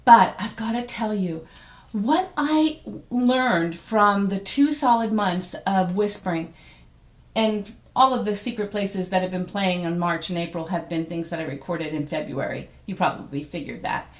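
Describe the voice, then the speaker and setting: A middle-aged woman talks her way through a devotional message in an animated, chatty manner. She stumbles, restarts and fills pauses as she goes. Her mid-range voice bounces around a roomy, echoey space. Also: medium pitch. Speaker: devotional host and teacher. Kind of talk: casual devotional talk. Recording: roomy echoey room sound.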